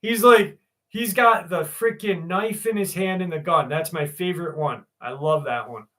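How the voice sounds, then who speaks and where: A man's voice: fairly high pitch, normal speed, fairly bright tone. A man hosting a casual live stream, joking and swearing as he greets viewers by name and reads a story aloud.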